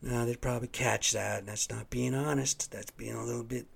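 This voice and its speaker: A man's voice: medium pitch, fairly even intonation, brisk, gravelly, slightly rough. A man hosting his own podcast, telling a rambling, profane story in a casual, worked-up way. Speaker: podcast host. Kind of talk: casual solo monologue.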